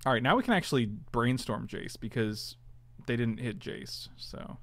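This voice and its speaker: A man's voice: medium pitch, animated, normal speed, fairly bright tone. A man casually commentating his own online card game, chatty and self-mocking, groaning at his bad draws.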